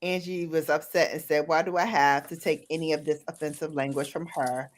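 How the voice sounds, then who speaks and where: A woman hosting a casual chat while doing her makeup, talking about a TV show in a chatty, animated way. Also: sits low, fairly quick. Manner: chatty, animated, recounting shows. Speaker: host.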